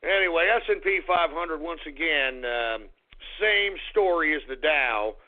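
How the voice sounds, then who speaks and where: A male talk radio host with a high voice, ranting in a blunt, angry, profane way before reading stock market numbers. The sound is thin and phone-like, as if it came down a narrow radio line. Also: lively intonation, measured pace. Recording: tinny phone-like radio audio.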